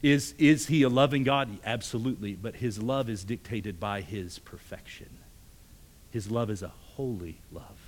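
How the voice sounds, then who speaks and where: A male pastor preaching a sermon, emphatic, often repeating words, moving between strong raised passages and hushed near-whispered lines. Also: lowish voice, moderate pace, slight background noise. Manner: emphatic, rising to forceful peaks then dropping to hushed near-whispers; repeats words when stressing a point.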